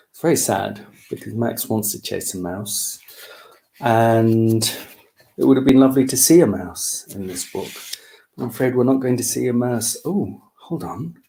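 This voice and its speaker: A playful man reads a picture book to children, slow and unhurried. His pitch swoops widely, with a gravelly edge. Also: animated, warm tone. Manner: playful, asks the children questions. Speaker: children's author reading aloud. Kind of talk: children's storytime reading.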